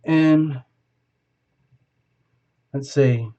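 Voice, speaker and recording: A man's voice: mid-range voice, very slow, dark tone, lo-fi sound. A man as a tarot reader, improvising a live reading and talking a viewer through each step.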